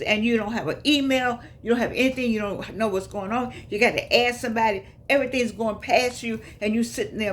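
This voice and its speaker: A woman's voice: a little high, a little fast, few pauses, a little hiss or hum. An older woman chatting casually to her viewers, emphatic and preachy, repeating herself for effect. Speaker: vlogger.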